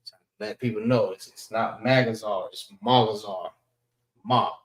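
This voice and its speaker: A man teaching a class, slowly sounding out letters one by one and repeating himself. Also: lowish voice, steady tone, fairly bright tone, echoey room, low-quality recording. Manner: slow, repetitive, spells out sounds one by one. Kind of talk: classroom language lesson. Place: library meeting room.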